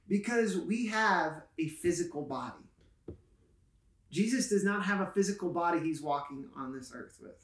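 A man's voice: high-pitched, lively intonation, moderate pace. A man, a pastor and podcast co-host, explaining Bible passages in a casual, playful and enthusiastic way. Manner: playful, enthusiastic teacher who jokes and explains. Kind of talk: casual Bible teaching chat. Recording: roomy echo.

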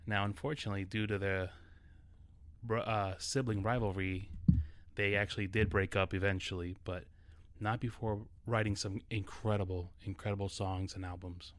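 A man from New York hosts a solo podcast, talking casually with a touch of nerves and frequent restarts. His voice sits fairly low. The sound is dry and close, with no room around it. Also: fairly even intonation, moderate pace, no room sound. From New York City. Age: adult. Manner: casual and a bit nervous, with restarts. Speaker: podcast host.

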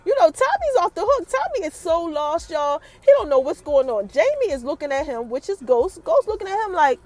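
A woman hosting a podcast and recapping a TV episode in a casual, chatty way. She talks straight to her listeners and fills her retelling with quick asides. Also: very high voice, big pitch swings, a little mellow.

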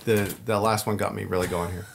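A man chatting as a guest, telling stories in an animated way, laughing often and acting out lines. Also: lowish voice, brisk, gravelly, very noisy. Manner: animated storyteller who laughs often and acts out movie lines. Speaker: podcast guest. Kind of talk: casual chat.

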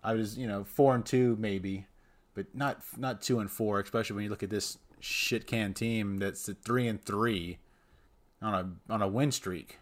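A man's voice: lowish voice, fairly even intonation, moderate pace. Frustrated man ranting on a podcast. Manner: frustrated ranting, laughs at himself. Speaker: podcast co-host. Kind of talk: casual podcast banter.

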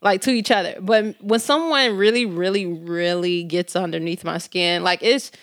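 A woman's voice: on the low side, fairly even intonation, moderate pace, dry recording, studio quality. A woman co-hosting a podcast in casual chat, blunt and outspoken, with frank swearing. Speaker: podcast co-host.

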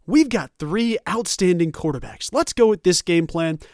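A man's voice: high voice, lively intonation, normal speed, a little mellow, dry recording, clean studio sound. A man putting on a breezy, stubborn middle-aged football coach with a folksy Southern drawl. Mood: breezy, dismissive.

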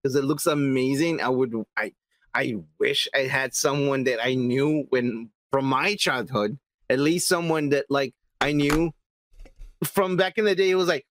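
A man co-hosting a podcast in casual chat, swearing a lot and talking excitably, saying he is high. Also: unhurried, no echo. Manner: profane, animated, excitable. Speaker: podcast co-host.

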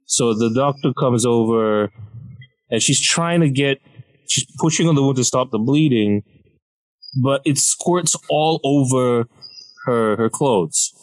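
A man casually telling a funny story on a podcast, lively and acting out the people in it. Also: slow, poor audio. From Malaysia. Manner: animated, acts out quoted people with big pitch jumps.

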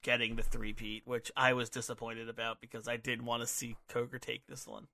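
A man co-hosting a podcast, talking in a casual, excitable way with lots of fillers and restarts into a microphone. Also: medium pitch, a little fast. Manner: excitable, rambling with many fillers. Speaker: podcast co-host. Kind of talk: casual chat. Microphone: studio microphone.

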